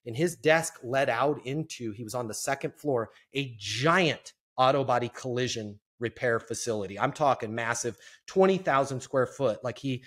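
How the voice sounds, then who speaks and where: A man who is a podcast guest, telling a sales story in an animated way and acting out the quotes. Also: mid-range voice, normal speed, few pauses. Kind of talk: storytelling interview.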